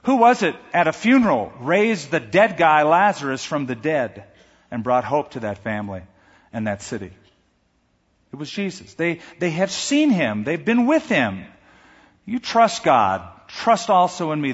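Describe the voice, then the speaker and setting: Preaching pastor, animated delivery with emphatic slowdowns, slightly husky voice, long hall reverb. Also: male voice, fairly high pitch. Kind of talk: sermon. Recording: echoey hall, dull sound.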